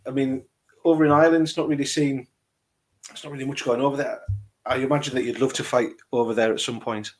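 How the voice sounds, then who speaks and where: A man hosting an interview, asking relaxed questions and giving short agreeing replies. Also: medium pitch, fast talker. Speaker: host. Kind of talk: casual interview.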